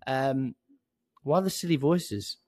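A chatty man with a London accent cohosts in an easygoing, joking way, tripping over his restarts. The recording is dry and close. His pitch is middling for a man. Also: takes it slowly, darkish tone, no room sound. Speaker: podcast co-host. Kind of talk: casual chat.

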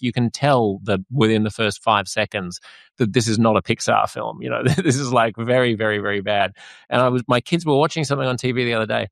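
Gravelly-voiced chatty male podcast host. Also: mid-range voice, fairly bright tone, no echo. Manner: rambling, chatty, laughs while talking. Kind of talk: casual conversation.

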